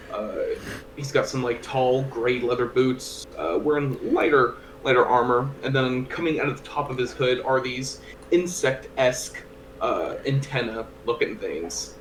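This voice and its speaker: A young man in a casual tabletop game, hesitant and filler-heavy as he talks. His voice sits mid-range, with clear background noise on the recording. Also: mid-range voice, normal speed, roomy sound. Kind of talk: casual tabletop role-play chat.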